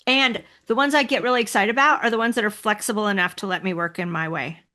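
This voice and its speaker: A woman's voice: mid-range voice, fast, sharp tone. A woman guest on a podcast talking candidly and reflectively in a casual interview, often breaking into laughter. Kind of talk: conversational interview.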